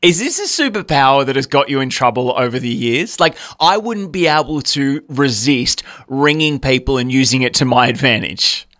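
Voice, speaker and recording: A man's voice: medium pitch, expressive, moderate pace, hardly any pauses, fairly bright tone, no echo, clean studio sound. A man hosting an interview, asking questions with enthusiastic short reactions. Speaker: host.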